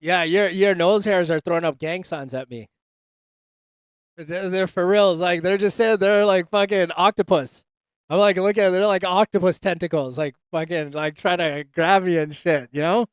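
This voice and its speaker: A man's voice: high voice, moderate pace, clear, resonant tone, no room sound. A man hosting a casual livestream chat, joking loosely and swearing, calling everyone dude and bro. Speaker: livestream host. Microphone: desk microphone.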